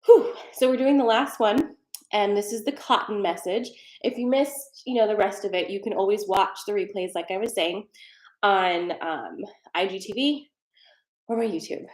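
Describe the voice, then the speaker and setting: A woman's voice: mid-range voice, moderate pace, echoey room. A woman hosting a live-stream tarot card reading, chatty and rambling with fillers, a little out of breath. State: slightly out of breath. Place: home desk with a treadmill.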